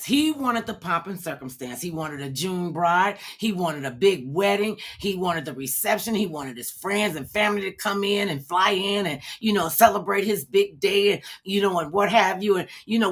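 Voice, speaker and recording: Woman host, husky bright voice, animated storyteller, casual chat, acts out quotes. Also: fairly low pitch. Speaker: talk show host.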